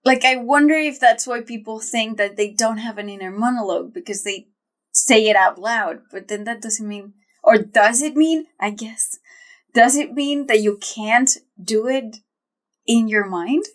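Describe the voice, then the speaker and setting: A woman's voice: fairly high pitch, unhurried. A woman co-hosting a podcast, chatting casually and thinking aloud with lots of "like" and restarts. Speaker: podcast co-host. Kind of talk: casual chat.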